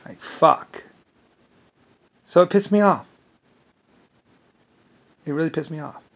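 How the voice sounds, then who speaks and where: A man's voice: on the high side, slow pace, creaky, a bit bright. A man delivering an angry, rambling vlog monologue, swearing and repeating words as he stumbles. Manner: profane, indignant, repeats words when stumbling. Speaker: vlogger.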